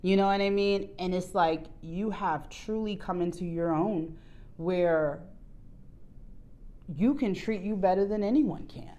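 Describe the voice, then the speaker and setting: A woman doing a casual tarot reading to her viewers, candid and profane, jumping between quiet low asides and loud excited outbursts. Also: unhurried. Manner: candid, swears freely, bursts into laughs. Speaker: tarot reader.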